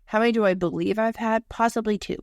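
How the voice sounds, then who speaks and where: A woman's voice: medium pitch, steady tone, quick pace, darkish tone, dry recording, studio quality. A young woman co-hosting a casual podcast, telling stories in a chatty way, swearing, laughing and acting out what people said. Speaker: podcast co-host. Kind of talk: casual chat.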